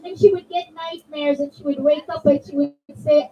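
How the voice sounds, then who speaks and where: Brief: woman storyteller for kids, high, lively voice, slightly distant, dull mic with faint hall noise. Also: normal speed. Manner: expressive, addresses the children directly. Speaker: children's religious storyteller. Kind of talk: storytelling for children at a religious gathering. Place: community center hall.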